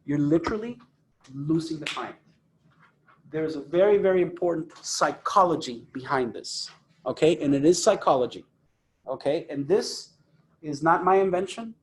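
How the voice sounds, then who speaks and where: A man's voice: on the high side, lively intonation, normal speed, reverberant, a little hiss or hum. A man coaching a phone sales team, emphatic and repeating points for stress. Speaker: sales trainer. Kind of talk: phone sales training talk. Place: office phone room.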